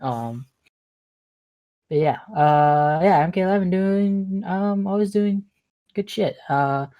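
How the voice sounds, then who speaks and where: A man's voice: high-pitched, slow pace, dull audio. A young man co-hosting a gaming podcast in casual chat, drowsy and yawning, trailing off between thoughts. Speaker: podcast co-host.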